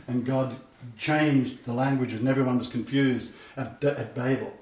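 This preacher has a mid-range, darkish voice that stays steady at a normal speed. He relates stories with earnest conviction, hammering key phrases through repetition. Sound quality is dull and lo-fi, with a far-off microphone and a reverberant room.

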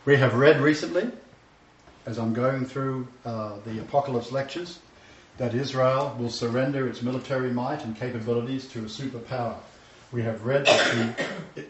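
A man's voice: medium pitch, slight background noise. A man preaching a sermon lecture, emphatic and repeating his key phrases. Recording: distant, roomy, dull sound.

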